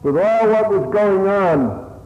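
An earnest man preaching a sermon in a fairly high voice, pushing up for emphasis and sinking low for quieter reflection. He sounds like he is in a large reverberant hall. The sound is thin and phone-like. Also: animated, slow pace. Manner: earnest, plain-spoken, rising and falling emphasis. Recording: echoey hall on a tinny line.

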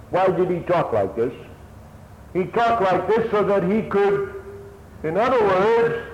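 Man preaching earnestly, fairly high voice, long hall echo, faint hiss. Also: a little mellow. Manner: earnest old-fashioned preaching, swelling and dropping. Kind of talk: sermon. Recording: echoey hall, dull lo-fi sound, faint hiss.

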